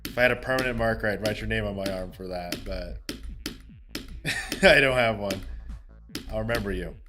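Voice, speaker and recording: A man chatting casually on a live game stream, excitable, laughing often and swearing casually as he talks to viewers. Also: fairly low pitch, moderate pace, music in the background. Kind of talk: casual live-stream chat while gaming.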